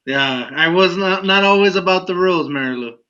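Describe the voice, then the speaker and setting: Brief: male co-host with a bright, tense tone and a high voice, slightly muffled audio. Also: fairly quick. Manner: rambling, laughs through stories. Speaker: podcast co-host. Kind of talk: casual chat.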